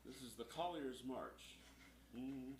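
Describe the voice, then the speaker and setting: A man's voice: mid-range voice, slow pace. A man who sings in a folk band, making dry, wry quips between songs on stage. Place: live music venue with an audience. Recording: echoey live room with loud crowd.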